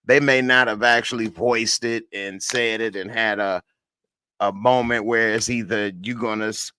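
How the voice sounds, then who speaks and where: A man's voice: lowish voice, fairly even intonation, normal speed, sharp tone, clear, resonant tone. A man reviewing a TV episode in casual live-stream chat, tired and laid-back, reading viewer comments. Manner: laid-back, slangy, tired late at night. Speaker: TV show reviewer.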